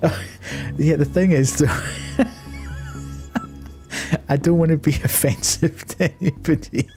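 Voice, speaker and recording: A man's voice: fairly high pitch, slow, pauses often, dark tone, faint music behind. A Scottish man streaming a game live, chatty and self-deprecating, laughing often. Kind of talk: live game playthrough, reading dialogue.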